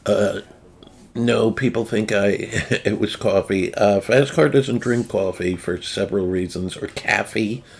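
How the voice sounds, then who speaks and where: A man's voice: lowish voice, unhurried, creaky, a little mellow, husky. A man with a New Jersey accent hosting a casual chat, rambling loosely through food photos with lots of fillers and restarts. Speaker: channel host.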